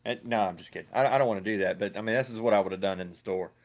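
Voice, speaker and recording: A man's voice: on the low side, rapid-fire. A man giving ranting reaction commentary, crude, profane and mocking, often repeating himself. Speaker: online video commentator.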